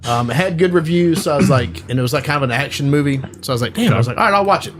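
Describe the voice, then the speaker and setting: A man's voice: medium pitch, rapid-fire, faint music behind. A man co-hosting a podcast, casually retelling a movie plot in a rambling way, full of "like" and "you know.". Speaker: podcast co-host.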